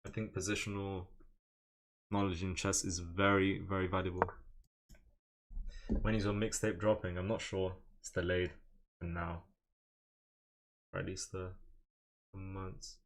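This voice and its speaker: A young man streaming chess live, chatting with viewers in a fairly low voice. He jokes, brags and answers chat questions as he plays. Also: level tone, a little slow, long pauses. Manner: joking, boastful, reads out chat.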